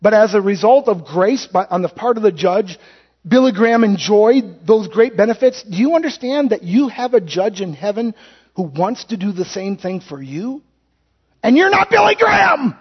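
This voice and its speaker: A man preaching a sermon, telling folksy stories with acted-out quotes and quick self-corrections. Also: high-pitched, expressive, breathy edge. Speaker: pastor. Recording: dull lo-fi sound.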